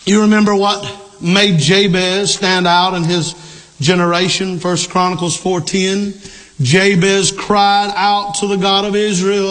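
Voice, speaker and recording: A middle-aged male pastor preaching a sermon, emphatic, repeating key lines and rising to shouts. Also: high voice, level tone, a little slow.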